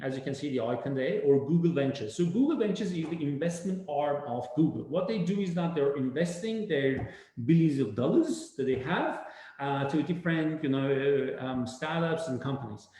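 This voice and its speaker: A man giving a casual webinar talk, animated and rambling, full of fillers and restarts. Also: fairly high pitch, normal speed. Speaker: webinar speaker. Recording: very echoey room.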